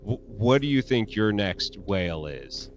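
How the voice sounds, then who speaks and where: Low-voiced earnest male podcast host. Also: animated, a little slow, faint music behind. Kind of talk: casual interview chat.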